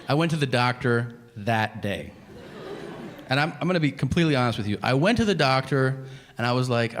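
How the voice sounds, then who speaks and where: A man's voice: medium pitch, lively intonation, fairly quick, big-room sound, a little hiss or hum. A man in his thirties doing a stand-up set, telling a story with exasperation and acting out the other people's lines. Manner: storytelling, exasperated, acts out dialogue with voices. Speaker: stand-up comedian. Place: comedy stage before a live audience.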